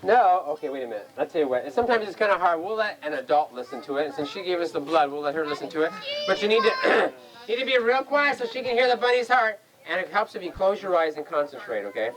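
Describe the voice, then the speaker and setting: A woman's voice: on the low side, expressive, quick pace, background noise. Woman leading a kids' magic show. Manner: coaxing, singsong, calls on the kids to chant along. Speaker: magician performing for children. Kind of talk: children's party magic show patter. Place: home birthday party with children around. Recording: 1980s home VHS camcorder.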